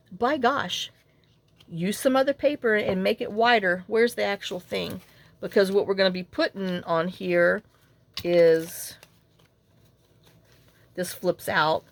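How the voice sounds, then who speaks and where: A woman hosting a casual crafting tutorial, chatty and rambling as she talks viewers through her work. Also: mid-range voice. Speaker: crafting channel host.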